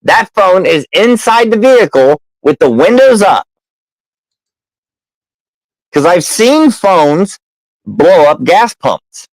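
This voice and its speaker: A man's voice: high-pitched, slow, long pauses, dry recording, rough recording. A man telling a story in casual chat, swearing freely and acting out the people in it. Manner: profane, animated storyteller.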